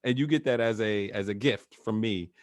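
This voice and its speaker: A man's voice: on the low side, moderate pace, dry recording. A man working as a coach who talks in a casual, chatty way, with filler words and frequent laughs, over a video call. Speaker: NLP trainer, guest.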